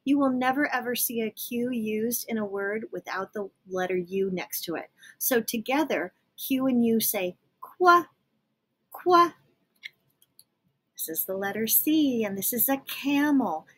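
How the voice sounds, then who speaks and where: A young woman teaching young children letter sounds, slowly and patiently sounding out each letter. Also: fairly high pitch, breathy edge. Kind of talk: phonics lesson for young children.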